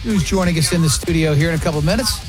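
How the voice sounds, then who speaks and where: A man hosting a radio show in a studio, bantering loudly and joking with his co-hosts. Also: on the high side, rapid-fire, over music. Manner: joking, loud, laughs often. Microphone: studio mic.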